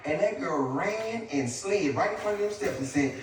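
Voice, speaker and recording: A man doing stand-up storytelling, animated and squealing in high voices when he acts out his family. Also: normal speed, very echoey. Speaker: stand-up comedian. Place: live comedy stage. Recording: far-off mic with loud crowd laughter. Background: audience laughter.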